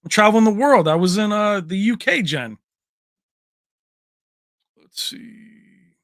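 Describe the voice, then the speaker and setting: A man chats his way through a casual tech livestream, answering viewer comments and laughing often. His voice sits a little high. It is recorded close on a mic in a dry room with no echo. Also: lively intonation, a little fast, a bit bright.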